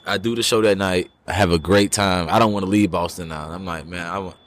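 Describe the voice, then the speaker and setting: A man's voice: deep voice, fairly quick. A man, a comedian guest, telling stories in casual podcast chat, acting out the people in them. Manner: animated storytelling with quoted voices.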